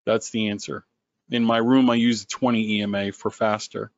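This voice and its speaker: A man who founded a company, running a sales webinar in an animated, sarcastic way. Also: dry recording, muffled recording. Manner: animated, sarcastic, quick swings in pitch.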